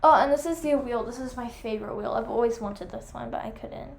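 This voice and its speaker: A young woman chatting enthusiastically while reviewing pet products, full of fillers, her voice going hoarse. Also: a little high, a little fast. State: losing her voice. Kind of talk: casual chat.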